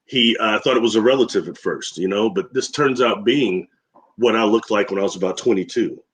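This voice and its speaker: A man's voice: on the low side, a little fast, slight background noise. A man who is a guest on a radio talk show, telling rambling stories with frequent laughs and acting out the voices of people he quotes.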